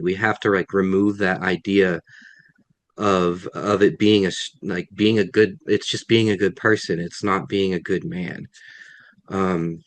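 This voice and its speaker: A guest author answers questions on a video call during a webinar Q&A, thoughtful and self-correcting, often restarting his sentences. His voice is low-pitched, with no room sound.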